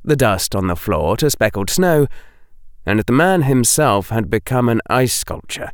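A male narrator reading an audiobook at an unhurried pace. His storytelling is expressive, with lively pitch movement. The recording is dry and close. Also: smooth, no room sound. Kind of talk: scripted narration.

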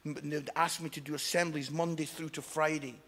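A man preaching a lively sermon in a large church hall, animated and loud, often laughing and shouting between stories. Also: fairly high pitch, brisk. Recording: long hall reverb.

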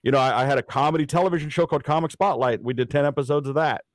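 A middle-aged man from Dallas telling stories in a casual interview, lively and acting out the people he quotes. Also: fairly high pitch, rapid-fire, no echo, clean studio sound. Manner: animated anecdote teller, acts out quoted people. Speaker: interview guest.

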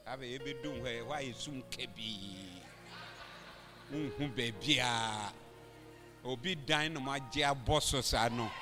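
Ghanaian male preacher, high and very bright, preaching in a reverberant hall with music playing underneath. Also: unhurried. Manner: switches languages, call-and-response, rising to shouted exhortation. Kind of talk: convention sermon. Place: large church hall. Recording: echoey hall with music behind.

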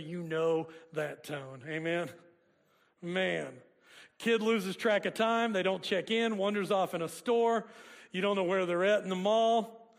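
A man's voice: high-pitched, vocal fry. A man preaching a sermon, joking and chatting with the congregation in a conversational way. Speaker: pastor. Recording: long hall reverb.

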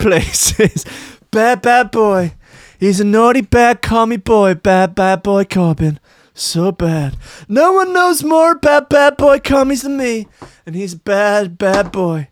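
A man's voice: sits high, no echo, pitched above the performer's own voice. A man putting on a comedic impression of a boastful older male politician who repeats himself over and over. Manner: repeats words over and over, swaggering and exaggerated.

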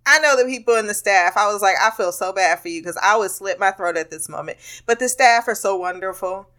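A woman's voice: medium pitch, fairly quick, sharp tone. A woman hosting a podcast, telling a rambling, candid story in a casual monologue with frequent laughter and swearing. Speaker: podcast host.

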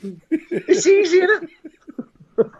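A man's voice: very high voice, sing-song, drawn-out words, crowd noise. A man with a South African accent, a comedian telling anecdotes in a casual interview with many restarts and chuckles. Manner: rambling anecdotes with false starts and laughs. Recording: dull lo-fi recording.

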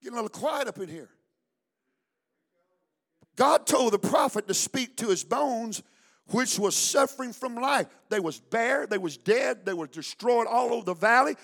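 A man preaching a fiery sermon at a church service, shouting, chanting, and calling on the congregation to answer back. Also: extremely high pitch, lively intonation, normal speed, gravelly. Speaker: pastor.

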